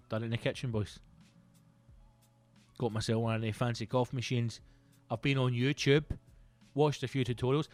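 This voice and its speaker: A Scottish man in his thirties talks through a loose, foul-mouthed comic monologue. His voice sits at a middle pitch and jumps into loud, excited bursts. The sound is dry and close to the mic, with faint music in the background. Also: moderate pace, pauses often, no room sound. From Scotland. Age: 30s. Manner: sweary, rambling, animated bursts into loud exclamations. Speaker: comedian podcast host. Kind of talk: casual comedic monologue.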